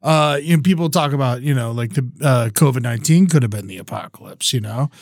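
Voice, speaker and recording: A man's voice: mid-range voice, quick pace, no echo, clean studio sound. A young man co-hosting a casual comedy podcast, telling rambling stories full of swearing and laughter. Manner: rambling storyteller, swears a lot, laughs often. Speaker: podcast co-host.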